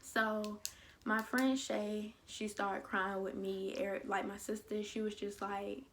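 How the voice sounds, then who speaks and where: A young woman with a gravelly, creaky voice tells a personal story in a casual storytime vlog. She slips into quick impressions of the people in it, and a faint hiss runs under her voice. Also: mid-range voice. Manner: animated storytelling, acting out quotes of others. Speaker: vlogger.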